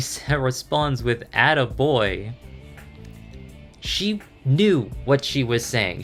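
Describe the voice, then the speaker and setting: A young man talks through a personal grievance in a rambling rant. He speaks haltingly, restarts his sentences and lets phrases trail off. Soft music plays faintly behind him. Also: medium pitch. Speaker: video creator.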